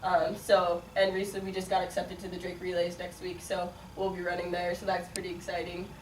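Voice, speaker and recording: A woman's voice: fairly low pitch, completely flat delivery, fairly quick. A young woman in her twenties from the Midwest, a college sprinter answering interview questions in a chatty way, with many fillers and frequent laughs. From Chicago, raised partly in Las Vegas. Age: 20s. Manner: chatty, many likes and ums, laughs often. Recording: echoey room, mic at a distance, faint noise.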